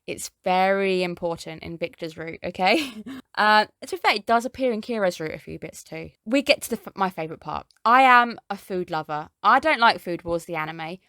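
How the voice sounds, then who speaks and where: A woman's voice: on the low side, expressive, fairly quick, a bit bright, dry recording, clean studio sound. A young woman chatting casually as she reviews an anime, gushing and speaking straight to her viewers.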